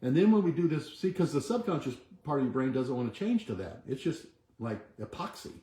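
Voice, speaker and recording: A man's voice: medium pitch, sing-song, fairly quick, mellow. A man hosting a weekly wellness video, giving a motivational talk and coaching listeners through movements and repeated affirmations. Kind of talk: motivational talk with guided exercise. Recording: echoey room.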